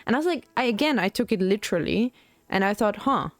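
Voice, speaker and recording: A woman's voice: medium pitch, lively intonation, quick pace, no echo. A young woman streaming as a VTuber, chatting in a rambling, casual way while she paints miniatures, full of "like" fillers.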